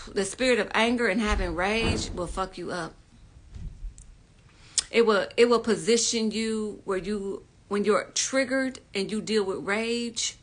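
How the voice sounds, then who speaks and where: A woman with a bright, forward voice hosts a casual phone livestream from home. She greets viewers warmly with "y'all" and then speaks earnestly and bluntly about anger and healing, dropping in a curse word here and there. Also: medium pitch. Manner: casual, swears freely, uses "y'all". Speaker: livestream host, spiritual teacher. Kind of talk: casual livestream chat and spiritual talk.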